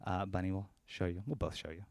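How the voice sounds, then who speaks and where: A man's voice: low voice, fairly even intonation, fast, dry recording. A man talking casually between songs at a live-streamed concert in his apartment, then rapping with a punchy, rhythmic delivery. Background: loud hip hop beat.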